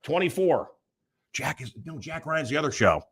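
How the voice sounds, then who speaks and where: Bright-voiced man hosting a rambling show. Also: on the high side, very animated, moderate pace, slightly rough. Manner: rambling, jumps between topics with many fillers. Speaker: talk show host. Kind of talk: casual monologue.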